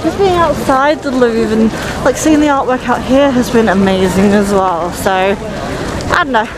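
A woman's voice: fairly high pitch, a little slow. A young woman talking to the camera in a casual travel vlog, chatty and upbeat, rambling with lots of fillers. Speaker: travel vlogger. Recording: faint background noise.

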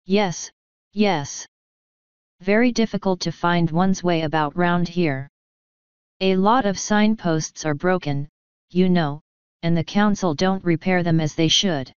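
A woman's voice: lowish voice, slow, clean tone, no echo, dull audio. A woman reading the part of an elderly, rheumatic country vicar who speaks pleasantly and a little sadly. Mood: rueful. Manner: pleasant, sad, apologetic. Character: elderly male vicar, gentle, rheumatic, mildly grumbling.

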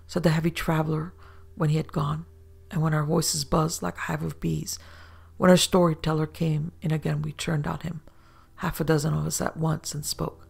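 Woman narrator for storybook horror, steady reading, husky and gravelly. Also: deep voice, moderate pace. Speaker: narrator and producer.

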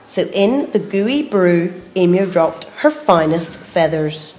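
A woman, a preschool teacher, reading a picture book aloud in a lively, expressive way, adding asides for the children. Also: fairly low pitch, takes it slowly, a little hiss or hum. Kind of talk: storybook read-aloud. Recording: echoey room.

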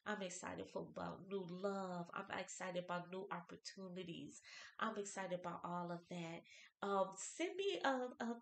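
A woman in her fifties talks in an expressive, churchy way on her birthday vlog, reading out inspirational quotes and commenting on each one. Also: lowish voice, normal speed, roomy sound, slight background noise. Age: 50s. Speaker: vlogger.

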